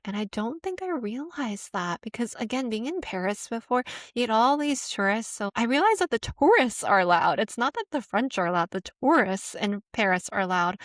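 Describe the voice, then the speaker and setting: A young American woman, soft-spoken and conversational, talking through her thoughts in a casual vlog from her apartment. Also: medium pitch, dry recording, studio quality. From United States. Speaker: vlogger. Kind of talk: casual reflective monologue. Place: apartment room.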